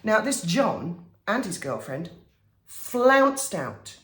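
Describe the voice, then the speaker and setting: Lively, exasperated woman vlogger. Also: medium pitch, drawn-out words, roomy sound. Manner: animated, exasperated, wry. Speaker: vlogger and commentator. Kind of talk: casual storytelling to camera.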